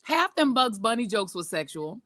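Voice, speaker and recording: A middle-aged woman from the United States co-hosting a podcast, telling animated, joking stories in casual chat. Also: medium pitch, normal speed, no echo, clean studio sound. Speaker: podcast co-host.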